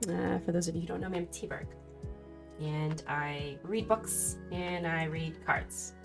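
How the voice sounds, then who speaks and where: A woman streaming a casual tarot study session, chatting warmly with her viewers and greeting them affectionately. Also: fairly low pitch, fairly even intonation, measured pace, creaky, over music. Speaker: streamer reading tarot cards. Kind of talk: casual livestream chat.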